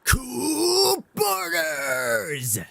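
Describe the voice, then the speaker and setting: A man voicing a hyped male nineties video game announcer, shouting exaggerated callouts. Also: extremely high pitch, wildly swooping pitch, extremely slow, creaky, no echo, pitched above the performer's own voice, full character voice.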